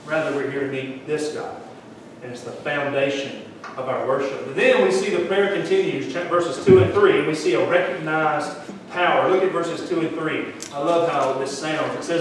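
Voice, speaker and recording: A man's voice: on the high side, fairly even intonation, normal speed, slight background noise. A man, a pastor giving a folksy, conversational sermon in a church. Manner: folksy, conversational preaching with Southern phrasing. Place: church sanctuary. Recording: echoey church hall, mic at a distance.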